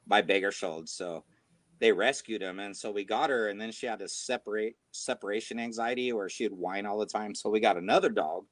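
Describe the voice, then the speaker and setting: A man co-hosting a casual video-call chat, telling relaxed stories and laughing at them. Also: lowish voice, brisk, no room sound. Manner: relaxed storyteller, laughs at his own stories. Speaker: co-host.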